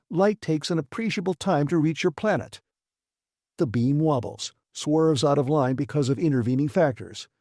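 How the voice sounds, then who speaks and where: A man's voice: on the high side, mellow, no echo, clean studio sound, natural voice. A man narrating an audiobook, voicing a hot-tempered male engineer who snaps and commands. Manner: snapping, commanding, exasperated. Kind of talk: audiobook character voice.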